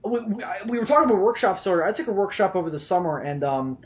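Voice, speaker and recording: A man's voice: sits high, fast talker, dull audio. A young man hosting a podcast, joking and rambling, with a slight lisp. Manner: joking, self-mocking, rambling. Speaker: podcast host. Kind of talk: casual podcast chat.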